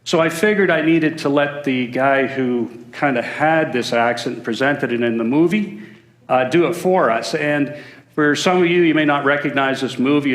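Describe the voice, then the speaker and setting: A man's voice: mid-range voice, reverberant. A man giving a sermon in a church, breaking it up with joking, self-deprecating asides. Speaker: guest preacher. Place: church sanctuary.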